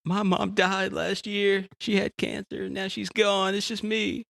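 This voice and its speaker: A man's voice: high-pitched, flat delivery, measured pace, vocal fry, a bit bright, voice pushed up, full character voice. A man voicing a despairing, lonely man on a bridge in a joke, whining and pitying himself. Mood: self-pitying.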